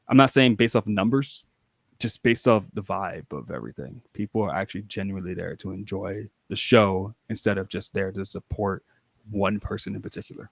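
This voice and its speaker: A man's voice: on the low side, gravelly, dry recording. A young man, a wrestler guest on a podcast, telling rambling, casual stories full of restarts and acted-out quotes. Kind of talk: casual storytelling.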